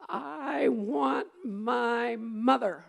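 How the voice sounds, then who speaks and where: A woman's voice: fairly high pitch, animated, a little fast, gravelly, darkish tone, slightly rough, voice pushed up, full character voice. A woman voicing a small, anxious baby bird from a children's storybook, asking in a pleading, childlike way. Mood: demanding. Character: anxious little baby bird searching for its mother.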